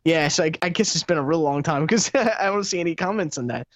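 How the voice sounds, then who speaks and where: A man's voice: on the high side, fast, dry recording. A man co-hosting a casual late-night tech talk show. He rambles and laughs as he tells stories, with lots of restarts. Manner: rambling, laughing, animated storytelling. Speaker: co-host. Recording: dull lo-fi live stream audio.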